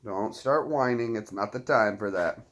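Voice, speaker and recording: A man hosting a casual live chat, often cooing soft baby talk to his dogs. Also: fairly low pitch, moderate pace. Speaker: channel host.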